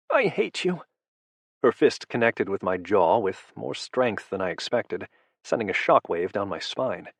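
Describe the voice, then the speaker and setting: A man narrating a first-person audiobook in a low, intimate, measured way. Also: no echo.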